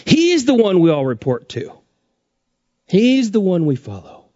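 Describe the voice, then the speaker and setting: A man preaching a sermon as pastor, his pitch rising and dropping sharply for emphasis. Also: huge pitch swings, a little slow, darkish tone, no room sound, lo-fi sound.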